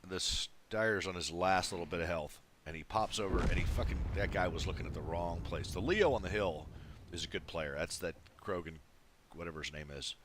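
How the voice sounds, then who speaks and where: A man's voice: deep voice, a little fast, a bit bright, slight background noise. A man casually commenting on a replay of his own game, laid-back and swearing freely. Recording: game sounds of gunfire and engines behind. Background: tank battle game sounds, artillery fire.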